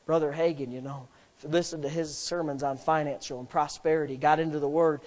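A middle-aged man, a pastor preaching a sermon that swells from plain storytelling into loud, emphatic declarations. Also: a little high, fairly even intonation, brisk.

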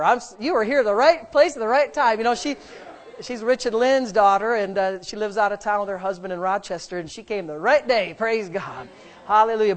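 A woman minister preaching and leading prayer in a church service, emphatic and fervent, breaking into speaking in tongues. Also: a little high. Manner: emphatic and fervent, with exclamations and repeated words; bursts into rapid speaking in tongues.

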